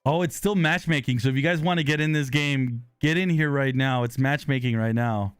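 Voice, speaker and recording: A man hosts a live gaming stream, reading chat and reacting to the match with bursts of excitement and apologetic laughter. His voice sits at an ordinary middle pitch. He is close to a dry desk microphone, with faint game music in the background. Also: brisk, clean tone, no echo.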